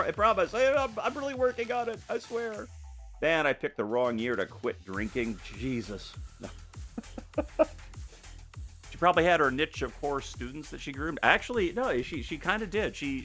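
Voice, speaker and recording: A man in his painting studio talks loosely to his viewers as he works, with a lively, swinging pitch. He rambles, stumbles over restarts and pokes fun at himself. Faint music plays underneath. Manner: rambling and self-deprecating, with frequent restarts and laughs. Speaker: artist streaming a live painting session. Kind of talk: casual chat while painting.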